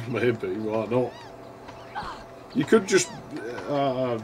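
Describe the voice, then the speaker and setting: A laid-back, sweary gaming host. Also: male voice, medium pitch, animated, extremely slow, noisy background. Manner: chatty, laughing, swears freely. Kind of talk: casual gameplay commentary.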